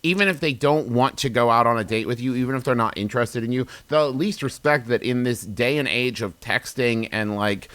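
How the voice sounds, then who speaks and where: An earnest man co-hosting a comedy advice podcast, talking bluntly and swearing freely. He slips into quick acted-out quotes. His voice sits at a middling pitch on a dry, close microphone. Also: fairly bright tone, no room sound. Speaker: podcast co-host. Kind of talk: casual comedic advice chat.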